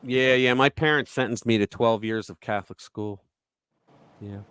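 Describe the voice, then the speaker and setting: A middle-aged man hosting a casual talk-show podcast rambles through stories, acting out the people in them. His mid-range voice moves at a moderate pace and sounds a bit bright, clear and resonant.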